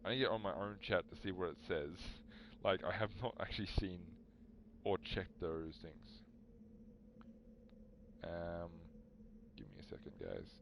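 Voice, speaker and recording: Brief: a young, very low-voiced streamer, chatty and animated, faint hiss behind. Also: male voice, unhurried, creaky, long pauses. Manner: rambling, animated, talks to chat. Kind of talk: casual storytelling on a live stream.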